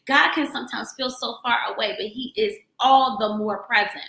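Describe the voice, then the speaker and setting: A woman's voice: fairly high pitch, fairly even intonation, normal speed, vocal fry, hardly any pauses, bright, forceful tone, reverberant. A woman in her thirties hosting a radio show, speaking in an earnest, encouraging, conversational way about faith. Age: 30s. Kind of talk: heartfelt faith talk.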